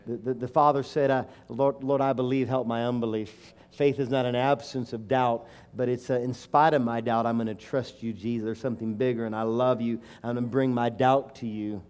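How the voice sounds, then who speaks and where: A man's voice: medium pitch, fairly even intonation, fairly quick, few pauses, darkish tone, clear, resonant tone. A middle-aged man preaching a sermon and telling a personal story, emotional and emphatic, rising to fervent declarations.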